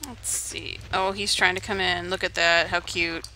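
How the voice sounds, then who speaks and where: A young woman playing a video game on stream, talking through it in a relaxed, musing way. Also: lowish voice, moderate pace, slight background noise. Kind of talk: let's play commentary.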